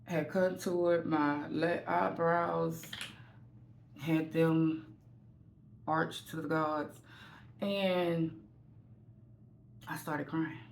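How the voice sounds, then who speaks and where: Woman with a creaky voice telling a story. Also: sits low, fairly even intonation, drawn-out words, pauses often, a little hiss or hum. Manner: candid, rambling, self-deprecating. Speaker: vlogger. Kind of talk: casual storytime while getting ready. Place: at home.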